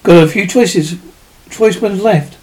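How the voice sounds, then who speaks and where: A man with a high voice reading the lines of a teasing, flippant painter in a story. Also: slow, a little mellow, poor audio. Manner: mocking, playful. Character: middle-aged male painter, teasing and flippant. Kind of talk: audiobook dialogue.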